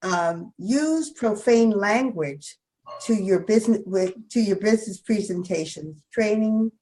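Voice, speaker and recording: A woman's voice: mid-range voice, lively intonation, unhurried, mellow, rough recording. A woman co-hosting a casual talk show who reads out discussion points and states her view firmly.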